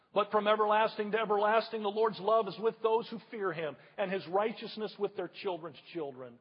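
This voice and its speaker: In a church, a pastor with a high-pitched, breathy voice preaches a sermon, hammering his points home with repeated rhetorical questions to the congregation. The audio is dull, with a long hall reverb.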